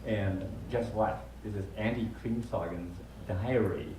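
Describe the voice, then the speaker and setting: Excited man in a live comedy bit. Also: on the low side, a little slow. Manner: excited, playful, laughs easily. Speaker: comic performer. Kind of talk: live stage comedy sketch. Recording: echoey room from far off, background noise.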